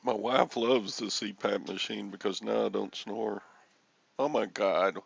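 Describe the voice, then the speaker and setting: Older man, gravelly crackly voice, husky, slow rambling chat, dull lo-fi sound. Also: fairly low pitch, fairly even intonation. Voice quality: crackly, gravelly voice from a morning frog in his throat. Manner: easygoing, rambling, clears his throat often. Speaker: host. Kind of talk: casual chat.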